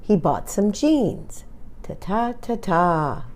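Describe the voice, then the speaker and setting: A woman speaking example sentences slowly, with deliberate, exaggerated stress to show rhythm. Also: mid-range voice, big pitch swings, darkish tone. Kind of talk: slow demonstration of speech rhythm.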